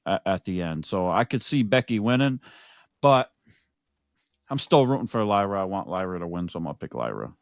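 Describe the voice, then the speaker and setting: Easygoing low-voiced man talking wrestling. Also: sing-song, brisk, creaky, no echo, clean studio sound. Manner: easygoing, lots of fillers and repeated phrases. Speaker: podcast co-host. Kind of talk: casual wrestling prediction chat.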